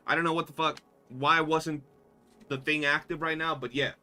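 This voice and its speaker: A young man livestreaming a game, talking in a loose, animated, slangy way and swearing often. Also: fairly high pitch, normal speed. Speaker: streamer. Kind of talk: casual gaming livestream chat.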